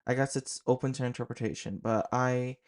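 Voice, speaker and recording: A young man tells a creepy personal story to his vlog audience. His voice sits at an ordinary middle pitch, and he leans into the drama. He talks loosely, full of "like" and quick asides. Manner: animated, fillers of "like", dramatic retelling. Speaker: horror storyteller host.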